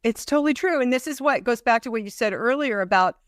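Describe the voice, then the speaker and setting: A woman's voice: fairly high pitch, expressive, fast, no echo, studio quality. A woman hosting an interview podcast, mostly affirming her guest with brief agreements. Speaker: podcast host. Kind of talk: casual interview chat.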